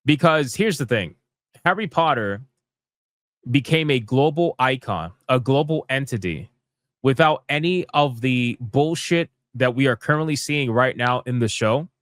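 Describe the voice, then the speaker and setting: A man's voice: mid-range voice, expressive, unhurried, a bit bright, no room sound. A young man hosting a live gaming commentary stream, ranting in a heated, profane, exasperated way.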